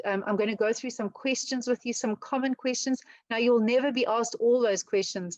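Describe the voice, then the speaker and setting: A woman with a South African accent giving an online talk on job interviews, speaking fast and chatty with many ums and restarts. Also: fairly high pitch, dry recording, low-quality recording. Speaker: webinar presenter on interview skills. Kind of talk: casual webinar talk.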